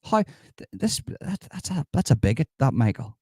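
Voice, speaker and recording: A man's voice: on the high side, sing-song, moderate pace, warm tone, breathy edge, no room sound, studio quality, exaggerated voice. A man doing a sarcastic impression of a smug, mock-outraged politician, mocking comments in a live stream. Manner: sarcastic, mocking, reads comments and scoffs at them.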